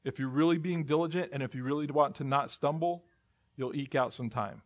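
A man's voice: a little high, a little fast, dull audio. A male pastor preaching a sermon, emphatic and repeating phrases as he builds his points.

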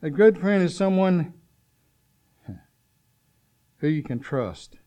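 Delivering a sermon slowly in a high-pitched voice with lively intonation, a preacher alternates between urgent shouts and quiet storytelling. He keeps checking whether the congregation is listening.

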